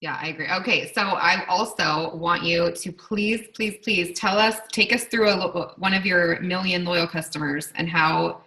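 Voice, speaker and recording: A woman's voice: on the low side, normal speed, few pauses, sharp tone. A woman hosting a video call, encouraging her guest. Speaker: host. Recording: distant video call mic.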